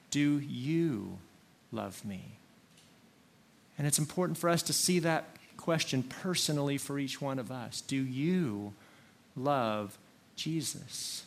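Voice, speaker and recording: A man preaching a sermon, slow and earnest, leaning on single words for emphasis. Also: a little high, fairly bright tone. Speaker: pastor.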